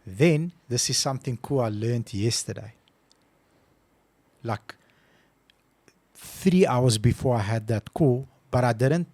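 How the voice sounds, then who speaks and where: A man co-hosting a casual podcast, telling a story with lively acted-out phone calls. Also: medium pitch, no echo. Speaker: podcast co-host.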